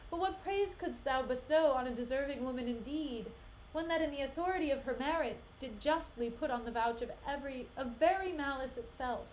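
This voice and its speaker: A woman's voice: high-pitched, fairly quick, slight background noise, natural voice, low-quality recording. A woman reading an indignant young noblewoman. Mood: reproachful. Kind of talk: reading a play aloud.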